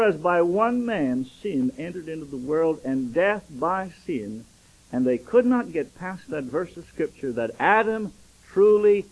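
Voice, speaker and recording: A man's voice: fairly high pitch, low-quality recording. An older man, a pastor, preaching a sermon and acting out dialogue as he tells stories.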